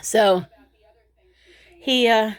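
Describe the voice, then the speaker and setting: Middle-aged woman vlogger, slightly high voice, rambling, laughs things off. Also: extremely slow, smooth. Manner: rambling, laughs through her frustration. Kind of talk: casual vlog chat.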